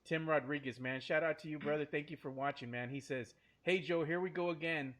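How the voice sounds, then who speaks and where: A man hosts a sports podcast from a studio, laughing and joking as he talks. His voice sits a little high for a man. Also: steady tone, fairly quick, a loud crowd. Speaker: podcast host. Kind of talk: casual sports podcast chat.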